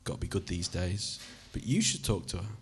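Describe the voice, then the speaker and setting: A man's voice: low-pitched, sing-song, a little fast, slight background noise. A man voicing a chatty, cocky male pub mate who lectures his friend in a matey, swearing way. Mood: bantering.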